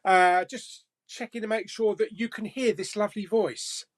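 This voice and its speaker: A man's voice: high voice, fairly even intonation, normal speed. A man hosting a casual live chat stream and reading viewer comments, jokey, laughing often and swearing casually.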